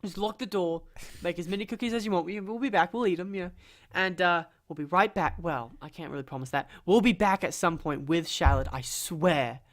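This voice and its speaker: A man's voice: high voice, fairly quick, fairly bright tone. A man hosting a casual podcast and narrating an improvised story, rambling and correcting himself as he goes. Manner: rambling, self-correcting, easily flustered. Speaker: podcast host and game master.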